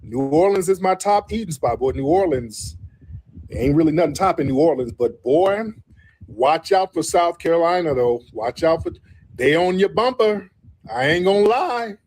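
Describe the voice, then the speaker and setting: A man's voice: fairly high pitch, a little mellow, rough recording. A man hosting a casual live-stream show, talking in a slangy, rambling way and repeating himself.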